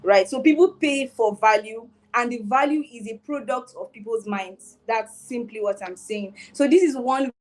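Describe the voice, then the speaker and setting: A woman's voice: on the high side, moderate pace. A woman guest speaker on a live session, explaining her points and checking in with the listener. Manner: explanatory, keeps asking "right?".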